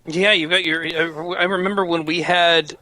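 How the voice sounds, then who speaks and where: Guy cohost, higher bright voice, jokey, reads chat out loud. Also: fairly even intonation, moderate pace, no echo. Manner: joking, reads out chat comments. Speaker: podcast co-host. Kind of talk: casual podcast chat.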